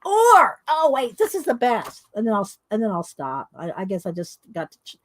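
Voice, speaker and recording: A woman's voice: a little high, wildly swooping pitch, moderate pace, no echo. A middle-aged woman, telling rambling stories and laughing often while she colors on camera. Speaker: coloring video host. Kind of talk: casual storytelling while coloring.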